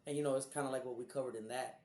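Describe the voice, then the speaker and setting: Hoarse, profane man in a roomy room. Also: mid-range voice, rapid-fire. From Houston, Texas. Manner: profane, rambling, animated storyteller. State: hoarse, recovering voice. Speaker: podcast co-host. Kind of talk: casual chat, storytelling.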